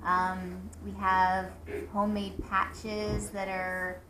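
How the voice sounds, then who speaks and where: Woman, relaxed rambling organizer, mid pitch, echoey noisy room. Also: very slow. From United States. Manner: relaxed, rambling, many fillers. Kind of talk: casual announcement to an audience. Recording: echoey room with clear room noise.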